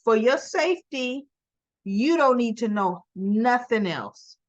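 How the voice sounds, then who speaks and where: A woman voicing a stern male mob boss who is guarding his family, speaking slowly and with emphasis. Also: a little high, expressive, no echo. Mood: firm. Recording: dull dry sound.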